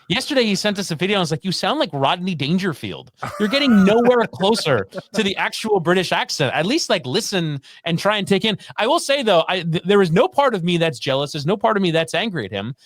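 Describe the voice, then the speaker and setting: A high, very lively man's voice chatting on sports radio as a guest broadcaster. He talks in animated bursts with quick restarts. The sound is close and dry on a studio mic. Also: no room sound. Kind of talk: casual sports radio chat.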